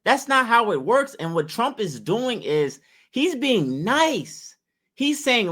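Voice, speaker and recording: A man's voice: very high-pitched, very animated, slow pace, fairly bright tone. A man giving emphatic, preachy opinion commentary to his viewers, full of rhetorical questions.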